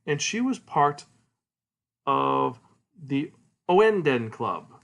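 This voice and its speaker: A man hosting a podcast, retelling a comic's plot in a casual, animated way and acting out its characters. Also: medium pitch, extremely slow, gravelly. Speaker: podcast host. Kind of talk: casual solo manga review.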